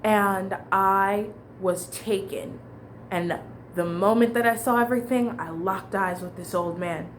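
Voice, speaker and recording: A young woman tells her story in a loose, candid ramble, full of restarts and casual swearing. Her voice sits at a middle pitch, with faint noise in the background. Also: unhurried. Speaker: vlogger.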